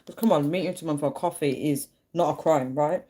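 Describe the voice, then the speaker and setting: A young woman tells a personal story to her livestream viewers. Her voice sits low and mellow, and she talks in an easy, chatty way. She brings the story to life by acting out the voices of the people in it. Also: fairly quick. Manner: chatty, animated, acts out quoted voices. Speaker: live streamer.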